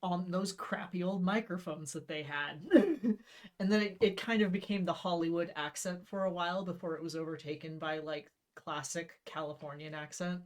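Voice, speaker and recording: A woman's voice: on the low side, steady tone, moderate pace, darkish tone. A young woman co-hosting a casual chat, explaining things in rambling, restart-filled stretches and laughing often. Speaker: co-host.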